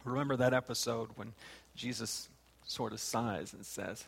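A man's voice: medium pitch, steady tone, moderate pace, vocal fry, slight background noise. A man preaching a sermon and reading scripture aloud, his voice rising and falling. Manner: rises and falls, reads scripture aloud. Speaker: pastor. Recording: long hall reverb.

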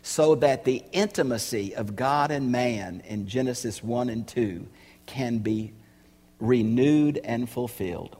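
A man preaching a sermon, emphatic and building to loud rhetorical questions. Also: medium pitch, slow pace, in a large hall.

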